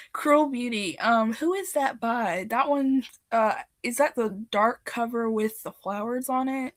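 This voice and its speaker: A young woman hosting a casual live reading stream, chatting and reading comments, laughing often and getting loud and excited. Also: on the high side, no echo. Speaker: livestream host.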